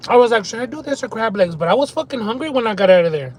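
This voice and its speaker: High-voiced man chatting while eating. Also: animated, very fast, poor audio. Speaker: mukbang live streamer. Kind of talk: casual live-stream chat while eating.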